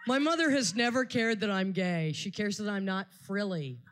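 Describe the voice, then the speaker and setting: A woman's voice: mid-range voice, moderate pace, fairly bright tone, a little hiss or hum. A woman doing a stand-up set on a live stage, telling stories in a dry, wry way. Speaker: stand-up comedian.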